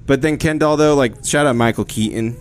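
A man's voice: medium pitch, brisk, a little hiss or hum. A young man co-hosting a stream in casual banter, playful and giggly. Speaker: stream co-host.

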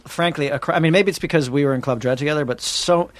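A man's voice: a little high, fast, dry recording. A man co-hosting a casual podcast, teasing the guest in a dry, joking way. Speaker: podcast co-host. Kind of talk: casual chat.

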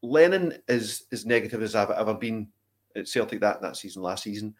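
A man talks through his views on his team in a casual podcast. His voice sits on the low side, and his delivery is thoughtful and opinionated. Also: animated, a little fast. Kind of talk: casual football chat.

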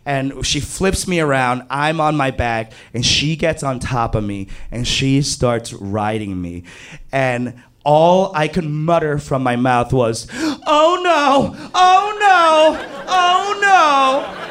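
A man doing stand-up storytelling, animated, jumping to high panicked yelps when he quotes himself. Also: slow pace, clear, resonant tone. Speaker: stand-up comedian.

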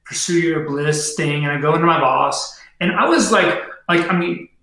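A man's voice: fairly high pitch, normal speed, gravelly, pushed and bright. A middle-aged man, a podcast guest, telling a story casually in slangy talk full of fillers. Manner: slangy, heavy on fillers and "dude". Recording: very echoey room.

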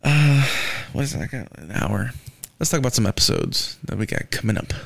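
A man's voice: mid-range voice, very animated, brisk, vocal fry, dry recording. A young man hosting a casual solo podcast, ranting with lots of swearing and filler words. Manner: profane, ranting, frequent "man" and "um". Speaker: podcast host. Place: Houston.

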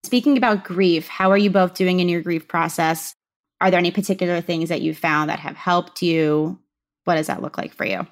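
Woman, podcast host, very low pitch, gravelly, gracious interviewer. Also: steady tone, normal speed. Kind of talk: interview hosting.

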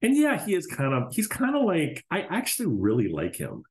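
A man's voice: fairly high pitch, wildly swooping pitch, normal speed, a little mellow. A male podcast host giving solo commentary in a casual, profane, ranting way. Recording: roomy echo.

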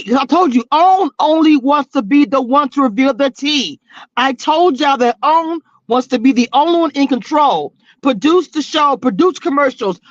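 A woman with a high, bright-pitched voice runs her live stream like a gossip session, teasing and cracking herself up. The sound is dull and lo-fi, with no room echo at all. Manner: sassy, teasing, laughs often, slangy. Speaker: reality TV blogger hosting a live stream. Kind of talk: casual live-stream chat reading comments. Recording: dull, lo-fi and dry.

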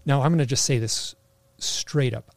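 Gravelly man telling a story. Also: medium pitch, normal speed, dry recording. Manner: rambling, full of "like" fillers and restarts. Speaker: interview guest. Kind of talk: casual personal storytelling.

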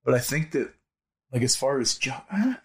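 A man co-hosting a podcast in casual chat, agreeing often, laughing along and adding quick quips. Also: mid-range voice, very animated. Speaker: podcast co-host.

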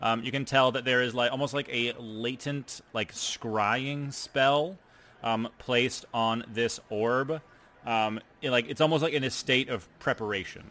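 A man narrating a tabletop game as game master, describing scenes haltingly with many fillers. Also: mid-range voice, steady tone, pushed and bright, a little hiss or hum.

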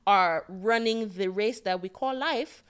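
A woman's voice: medium pitch, measured pace, fairly bright tone, clean tone. A woman co-hosting a podcast, giving playful, slangy advice in casual chat. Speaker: podcast co-host.

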